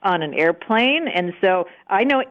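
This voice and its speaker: A woman's voice: mid-range voice, animated, measured pace, lo-fi sound. A woman guest on a talk radio show, chatty and self-deprecating as she gives her take. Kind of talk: radio interview commentary.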